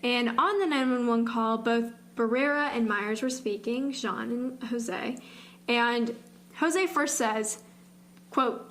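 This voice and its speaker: Young female podcast co-host, rambling casual talker, slightly high voice, lots of "like". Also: steady tone, takes it slowly, fairly bright tone. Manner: rambling, fills speech with "like". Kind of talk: casual true-crime chat.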